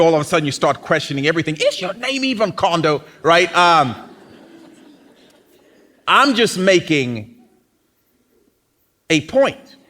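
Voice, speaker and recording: In church, a male pastor preaches a lively sermon to his congregation, speaking conversationally and often acting out other people's voices. His voice sits high and swoops across a wide, animated range.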